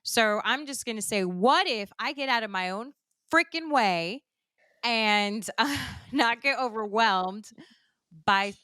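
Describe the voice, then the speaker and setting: A woman hosting a podcast, chatting casually and warmly encouraging her guest, emotional and quick to laugh. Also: a little high, expressive, clean tone, no echo, studio quality. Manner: emotional, gushing, laughs through tears. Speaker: podcast host.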